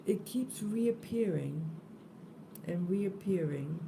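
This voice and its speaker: A just-woken woman talks slowly and softly on an early morning spiritual live stream, her low voice gravelly with fry. She holds a phone close in a room with the window open, and steady noise sits under the recording. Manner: slow, drowsy, soft-spoken. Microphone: phone held close.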